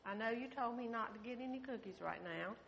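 A woman's voice: on the high side, fairly quick, vocal fry, fairly bright tone, a little hiss or hum. An older woman voicing a hungry little boy who earnestly pleads his case in a story for children. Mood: pleading.

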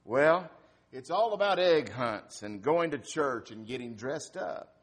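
A man's voice: mid-range voice, expressive, measured pace, husky. A man voicing a head nurse who answers in a breezy, offhand way. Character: casual young head nurse.

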